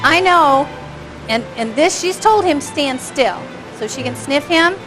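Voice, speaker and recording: A woman's voice: sits high, animated, a little slow, music in the background, rough recording. A woman instructor commenting on a home video of dogs at play for a class. She talks in a chatty, engaged way, often asking the audience questions and chuckling. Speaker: dog behavior instructor.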